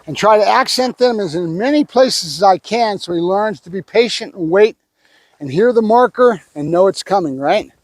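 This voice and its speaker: A dog trainer calls short, firm commands to a dog and calmly explains his method as he works. He has a high voice at normal speed, with no room sound.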